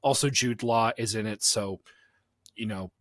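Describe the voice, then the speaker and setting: A young man co-hosting a casual podcast, animated, laughing often and slipping into silly voices. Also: lowish voice, unhurried, no room sound, clean studio sound. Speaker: podcast co-host.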